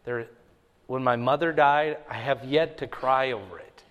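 A pastor preaching a sermon, reading Scripture loudly and dropping his voice low for asides. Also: unhurried, big-room sound, lo-fi sound.

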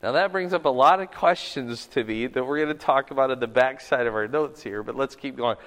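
A man's voice: mid-range voice, fairly quick, fairly bright tone, big-room sound. A man teaching a Bible study in a conversational, sermon-like way, moving between casual asides and earnest, emphatic preaching.

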